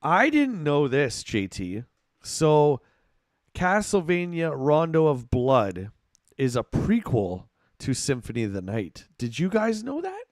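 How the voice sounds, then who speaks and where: A man giving excitable live commentary while playing a game, yelling and groaning at it. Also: on the high side, slow, no room sound, clean studio sound. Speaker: livestreamer.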